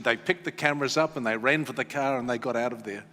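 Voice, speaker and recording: A man's voice: mid-range voice, steady tone, fairly quick, hardly any pauses, sharp tone, big-room sound. A man, a radio host moderating a stage interview, asking questions in a conversational, anecdotal way.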